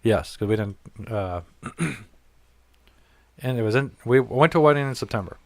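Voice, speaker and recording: At a moderate pace and medium pitch, this man hosts a podcast and recounts a story conversationally, the audio free of room sound. He's profane and animated, voicing the quoted dialogue himself.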